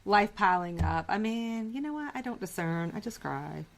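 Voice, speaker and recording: A middle-aged woman on a podcast, talking casually and making fun of herself. Her humor is dry and sarcastic, and her pitch sits in an ordinary middle range. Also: lively intonation, normal speed. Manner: self-mocking, sarcastic humor. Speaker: podcast co-host. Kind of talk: casual chat.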